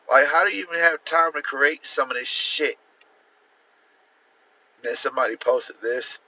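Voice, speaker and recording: A man's voice: medium pitch, moderate pace, pauses often, pushed and bright, highs cut off, a little hiss or hum. A man hosting a casual livestream and reacting to posts, laughing often, incredulous and swearing freely. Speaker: livestream host.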